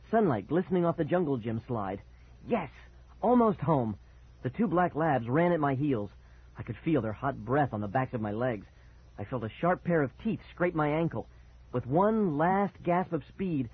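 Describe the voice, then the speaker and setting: A man reading a first-person story aloud with expressive, dramatic delivery and a husky voice. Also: on the high side, moderate pace, dry recording. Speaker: audiobook narrator. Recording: tinny phone-like sound.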